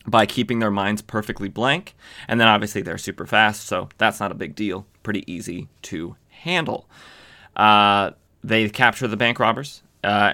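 Low-voiced man rambling through a comic recap. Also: pushed and bright. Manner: rambling, frequent fillers and self-corrections. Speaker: podcast host. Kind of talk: casual comic book recap.

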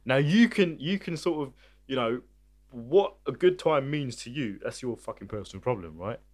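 A man's voice: medium pitch, expressive, normal speed, dry recording, studio quality. A man as a podcast guest, laid-back but defensive in casual chat, ending points with "right?".

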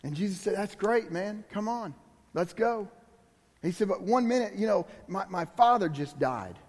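A man's voice: high voice, lively intonation, moderate pace, darkish tone, in a large hall. A man preaching as a guest preacher, emphatic and conversational, turning to the congregation with asides. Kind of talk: sermon.

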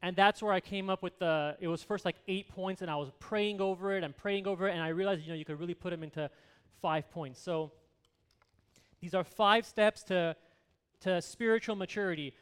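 A man's voice: high voice, fairly quick, a bit bright, clean tone. A man in his thirties preaching a sermon in an earnest, conversational way, repeating key words for emphasis. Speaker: pastor.

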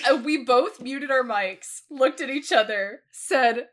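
A woman in her twenties co-hosting a podcast, telling animated stories in casual chat and laughing often. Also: high-pitched, a little slow, few pauses. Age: 20s. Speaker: podcast co-host.

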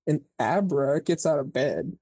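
A podcast co-host casually retelling a movie plot, rambling and swearing, filling every pause with "like" and acting out the characters' lines. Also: medium pitch, lively intonation, mellow, breathy edge, dry recording. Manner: rambling, profane, peppered with "like"; acts out characters' lines mid-story.

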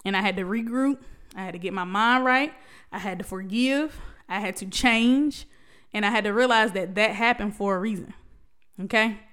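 A woman's voice: mid-range voice, moderate pace, fairly bright tone, clean tone. A young woman talking candidly to her viewers about her life and faith, with frequent restarts and laughter. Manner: emotional, testifying, laughs often, many restarts. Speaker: vlogger sharing a personal story. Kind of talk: candid personal talk to camera.

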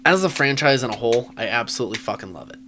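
A man's voice: mid-range voice, lively intonation, rapid-fire, sharp tone, slight background noise. A man co-hosting a casual movie review podcast, swearing freely, laughing often and restarting his sentences. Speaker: podcast co-host.

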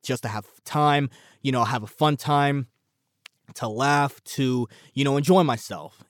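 A man hosting a solo commentary podcast, rambling and animated, swearing freely as he talks. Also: medium pitch, no echo, clean studio sound. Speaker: podcast host.

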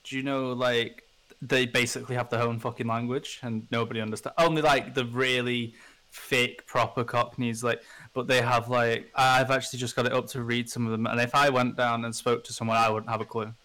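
A man's voice: mid-range voice, flat delivery, a little fast, sharp tone. A man with a British accent co-hosting a podcast in laid-back, casual chat, swearing freely. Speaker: podcast co-host.

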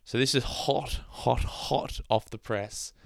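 A man's voice: mid-range voice, steady tone, slow, vocal fry, no room sound, clean studio sound. A man hosting a casual solo podcast, rambling and chatty, with sarcastic asides and laughs at his own jokes. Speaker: podcast host.

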